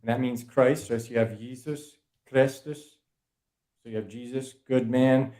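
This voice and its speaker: A man as a podcast guest, explaining words in a quick, casual way and correcting himself as he goes. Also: medium pitch, steady tone, dark tone.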